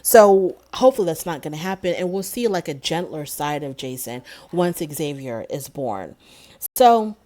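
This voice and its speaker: Low-voiced sarcastic woman reviewer. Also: lively intonation, moderate pace, warm tone. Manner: sarcastic and indignant. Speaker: TV show reviewer. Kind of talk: casual recap commentary.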